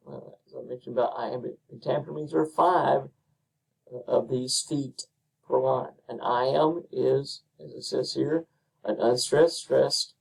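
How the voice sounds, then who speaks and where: A male instructor explains his material in an unhurried way, dotted with ums and uhs. His voice is gravelly and husky. It sits at a middle pitch and is picked up from some distance off the mic. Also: a little mellow. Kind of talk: recorded lecture.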